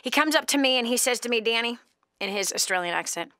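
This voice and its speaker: A woman hosting a call-in advice show, talking bluntly and emphatically, scolding and coaching her caller, swinging from loud bursts to hushed tones. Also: on the high side, expressive, quick pace, clear, resonant tone, no echo, clean studio sound. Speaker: radio show host giving financial advice to a caller.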